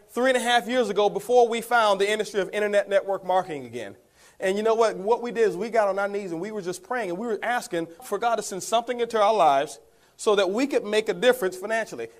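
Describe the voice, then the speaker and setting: A man giving a motivational talk, telling his story to the audience, calling them guys and chuckling as he goes. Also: high-pitched. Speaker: network marketing speaker.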